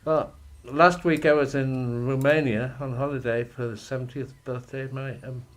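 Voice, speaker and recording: Relaxed older man on a call. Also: mid-range voice, moderate pace. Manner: relaxed, chuckling, meandering. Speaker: guest. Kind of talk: casual chat. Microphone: video call.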